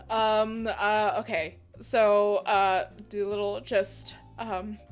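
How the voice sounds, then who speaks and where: A woman playing a tabletop role-playing game who sounds amused and a little unsure of herself. She talks slowly and feels her way through her choices. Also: mid-range voice, faint music behind. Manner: amused, hesitant, quick to laugh. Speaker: player.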